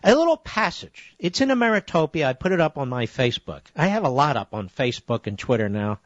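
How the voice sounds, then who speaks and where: A man's voice: on the high side, big pitch swings, fairly quick, dry recording. Man, talk radio host, middle-aged, combative, indignant, dry broadcast sound. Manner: combative, rising to indignant shouting. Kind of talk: political talk radio monologue. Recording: dry, slightly dull radio broadcast audio.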